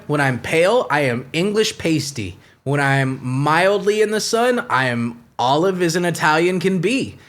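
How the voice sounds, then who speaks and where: Crude high-voiced comedy podcast man. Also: a bit bright. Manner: crude, rambling, laughs at himself. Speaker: podcast host. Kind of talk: casual comedic podcast chat.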